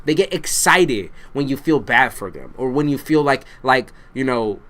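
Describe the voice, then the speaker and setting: A man's voice: medium pitch, expressive, moderate pace, few pauses, a bit bright. A man reads tarot to camera in an ordinary mid-range voice. He is blunt and curses freely. He speaks straight to the listener and hammers his points home by repeating them. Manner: blunt, profane, repeats for emphasis; addresses the listener directly. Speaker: tarot reader.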